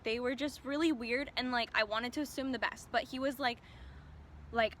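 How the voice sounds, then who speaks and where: A woman's voice: a little high, steady tone, normal speed, a bit bright, a little hiss or hum. A young woman telling a casual storytime, chatty and filling her speech with "like". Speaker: vlogger.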